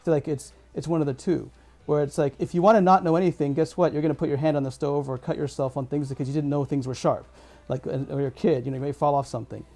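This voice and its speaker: A man co-hosting a livestream talk show in quick, casual chat. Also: fairly high pitch, steady tone, gravelly, mellow.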